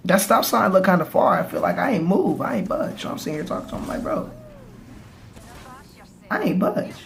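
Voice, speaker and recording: A man's voice: sits high, lively intonation, fast talker, gravelly, fairly bright tone, slight background noise. A young man casually telling a personal story in slang, with stammered restarts. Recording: echoey room, faint ambience.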